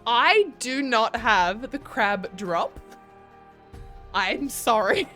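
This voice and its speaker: A young woman streaming a game and talking casually to her chat, rambling from one thought to the next with lots of ums. Her voice sits a bit high, with soft music playing under her. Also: expressive, extremely slow. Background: faint background music.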